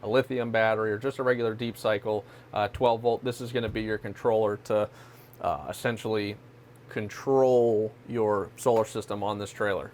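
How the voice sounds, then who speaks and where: A man's voice: fairly low pitch, fairly even intonation, normal speed, darkish tone, slight background noise. A man explaining technical equipment in a practical, matter-of-fact way with occasional fillers. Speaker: technical staff guest.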